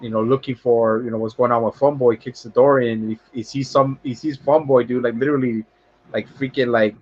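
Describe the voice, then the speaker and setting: A podcast co-host on a livestream talks through a film scene in a casual review chat, rambling loosely and swearing a lot. He repeats words while searching for them and acts out scenes in high voices. His ordinary-pitched voice is fairly quick with fairly even intonation, and the sound is dull and lo-fi.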